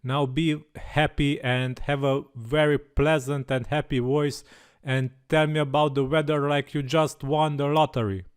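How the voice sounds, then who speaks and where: A man guides viewers through a software tutorial, taking it step by step and filling pauses with "uh" and "um". His voice is smooth and clear and sits a little high. It is recorded close on a desk mic. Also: flat delivery. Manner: explains step by step with frequent fillers. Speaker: tutorial channel host.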